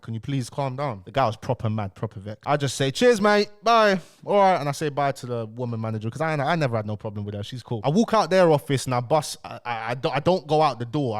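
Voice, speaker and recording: A young man telling a story to camera in a casual, slangy way, repeating phrases and dropping his voice for calm asides. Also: medium pitch. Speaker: YouTuber.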